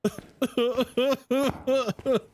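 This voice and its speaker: A young man streaming a horror game, chatting with his viewers in a jokey, animated way. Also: very high voice, extremely slow, slight background noise. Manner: animated and chatty, reads chat aloud, jokey asides. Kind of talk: casual live-stream chat while gaming.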